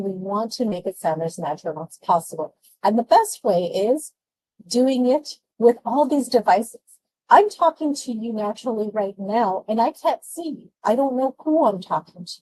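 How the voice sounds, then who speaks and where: A woman presenting speaking tips in an online webinar, lively and chatty, laughing often as she talks with her hands. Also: on the high side, unhurried, no room sound, rough recording. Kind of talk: presenting test-prep tips to an online audience.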